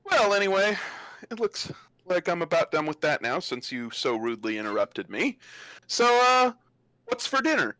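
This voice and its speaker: A man's voice: fairly high pitch, big pitch swings, normal speed, bright, forceful tone, dry recording. A man voicing a smug, well-off male bard who teases the travellers in a tabletop game. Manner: smug, teasing, mock-polite.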